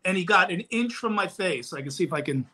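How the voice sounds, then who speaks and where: Speaking at a quick pace with a voice that sits high, this man is a guest comedian on a podcast. In the studio he casually spins a stand-up tale, lively and performing each quoted line.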